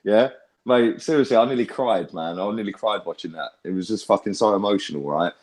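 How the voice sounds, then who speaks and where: A young man, ranting loudly and swearing hard in a casual fan chat he hosts. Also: lowish voice, a little fast. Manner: loud, sweary, animated ranting. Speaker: fan channel host.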